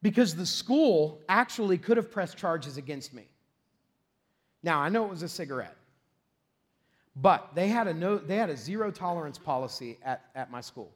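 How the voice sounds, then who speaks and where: A middle-aged man preaches from the pulpit in a fairly high voice. He tells a self-deprecating story with plenty of laughter, then builds to shouted, excited peaks. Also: normal speed. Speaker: pastor. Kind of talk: storytelling sermon.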